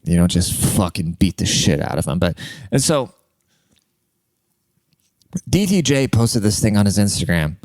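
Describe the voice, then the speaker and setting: A man's voice: deep voice, big pitch swings, a little slow, pauses often, a little mellow, dry recording. A man hosting a podcast, telling stories in a casual comedic monologue. He rambles, swears a lot, and laughs at his own jokes. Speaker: podcast host.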